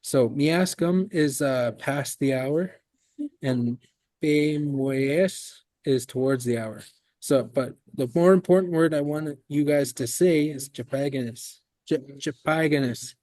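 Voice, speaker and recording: A man teaching a language class in a classroom, explaining patiently with relaxed fillers. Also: on the high side, slow, no echo. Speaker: language instructor.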